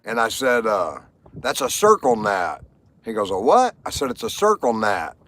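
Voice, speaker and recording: A man's voice: on the low side, wildly swooping pitch, moderate pace, fairly bright tone. A man hosting a casual livestream, telling rambling stories and jokes to viewers and laughing at his own punchlines. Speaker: livestream host.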